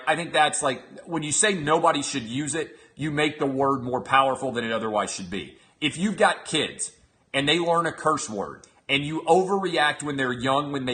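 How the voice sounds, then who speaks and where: A man's voice: medium pitch, sharp tone. A man in his thirties hosting a show, giving an emphatic opinionated monologue and often checking in with his listeners. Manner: emphatic, asks the audience 'all right?'. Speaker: show host.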